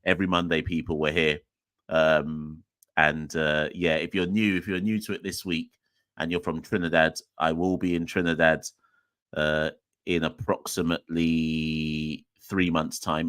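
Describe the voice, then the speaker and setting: Deep-voiced, jokey man hosting. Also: little pitch movement, a little slow, fairly bright tone, no echo. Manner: rambling, jokey, self-mocking. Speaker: podcast host. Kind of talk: casual solo sign-off chat.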